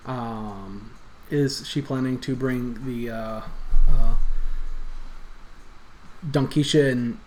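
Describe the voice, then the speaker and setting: A man's voice: medium pitch, fairly even intonation, drawn-out words, long pauses, a little mellow. A man in a mid-range voice narrates as game master for an online tabletop game. He speaks in a loose, conversational way, with frequent fillers and restarts. A faint hiss sits behind him.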